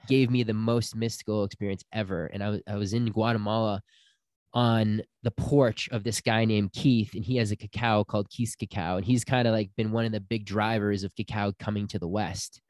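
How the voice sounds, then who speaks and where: A man's voice: on the low side, fairly quick, no echo, studio quality. A young man telling a personal story in casual chat, acting out the people he quotes. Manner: animated storyteller, acts out quotes.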